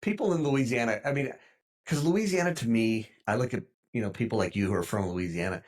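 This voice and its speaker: A man's voice: mid-range voice, fairly quick, darkish tone. A man hosting a podcast, asking questions and reacting with enthusiasm. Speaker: podcast host. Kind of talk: casual interview.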